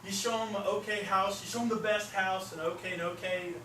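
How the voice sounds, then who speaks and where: A man's voice: high-pitched, a little fast. Middle-aged man telling stories at a seminar. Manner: animated, acts out quoted voices. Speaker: real estate trainer. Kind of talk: storytelling seminar talk. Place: seminar room. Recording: echoey room, mic far off, noisy.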